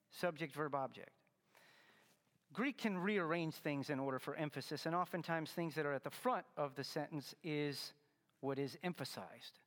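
A pastor with a higher-leaning voice delivers a Christmas sermon in a large, echoing space. His tone is earnest and instructive, and he leans hard on key words with emphatic stress.

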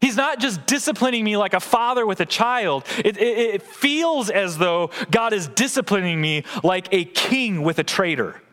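A man's voice: high voice, lively intonation, normal speed, hardly any pauses, a bit bright, in a large hall. A man preaching a sermon in a church, earnest and posing questions to the congregation. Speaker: pastor. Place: church sanctuary.

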